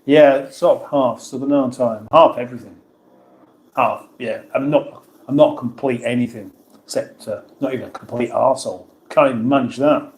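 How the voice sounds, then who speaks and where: A man's voice: mid-range voice, normal speed, darkish tone. Chatty man with a roomy echo. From England. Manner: chatty, self-mocking, reads comments aloud. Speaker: livestream host reading chat. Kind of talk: casual livestream chat.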